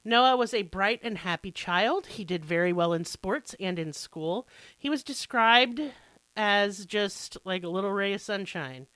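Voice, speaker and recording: A woman's voice: mid-range voice, animated, unhurried, fairly bright tone, clean tone, dry recording. An American woman hosting a true crime podcast, telling the story in a casual, irreverent and self-deprecating way, with some swearing. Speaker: podcast host.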